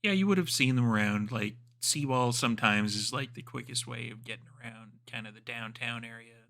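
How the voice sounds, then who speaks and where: A man's voice: mid-range voice, fairly quick, creaky, pushed and bright. A man narrating as storyteller of a tabletop role-playing game, describing scenes loosely with many fillers.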